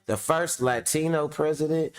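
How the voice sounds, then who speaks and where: A man's voice: a little high, normal speed. A man hosting casual reaction commentary, blunt and profane, firing rhetorical questions and talking straight to his viewers. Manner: addresses viewers directly. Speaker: commentary host.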